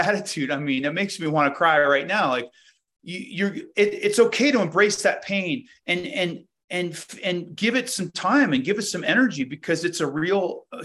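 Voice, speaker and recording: Fairly bright in tone and on the higher side, this man's voice belongs to an inventor being interviewed casually. He muses aloud and shares anecdotes, restarting his phrasing many times.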